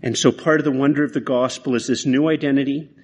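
A man's voice: mid-range voice, fairly even intonation, quick pace, a little mellow, a little hiss or hum. A man preaching a sermon in an earnest, conversational way, often restarting his phrases. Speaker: pastor.

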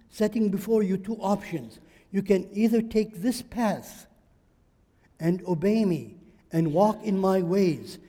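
A man's voice: high voice, dark tone, big-room sound. A man preaching a sermon in church, emphatic and repeating phrases for stress. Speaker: pastor.

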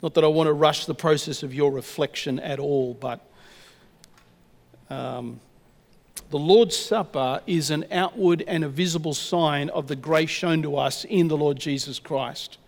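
A man preaching a sermon and leading a communion prayer, earnest and measured, slowing down to stress key words. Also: a little high, creaky. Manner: earnest, measured, slows for emphasis. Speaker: pastor. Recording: long reverb of a church hall.

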